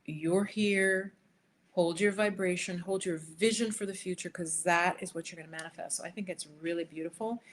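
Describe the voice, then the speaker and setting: A woman hosting a livestream, chatting with viewers and reading cards for them, sometimes dropping to a soft whisper while she shuffles. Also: lowish voice, fairly even intonation, moderate pace, slight background noise. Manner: chatty, riffing, addresses viewers by name. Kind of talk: casual live chat with tarot readings. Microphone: headphones.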